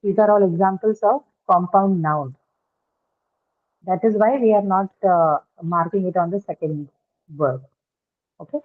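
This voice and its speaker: A woman's voice: mid-range voice, unhurried, long pauses. A woman teaching an online lesson, explaining patiently and checking in with "right?". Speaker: English teacher. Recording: tinny phone-like call audio.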